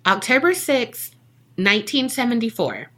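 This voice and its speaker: A woman's voice: a little high, sing-song, normal speed, pushed and bright. A woman, co-hosting a podcast and telling a story in a casual, jokey way that is full of swearing. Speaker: podcast co-host.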